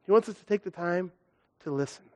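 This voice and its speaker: A young man delivers a sermon with an unusually high, bright-pitched voice. He is animated, acting out stories with sudden leaps up in pitch and volume as he speaks to his congregation. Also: a little fast. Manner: animated, acts out stories with big pitch swings. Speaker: guest preacher.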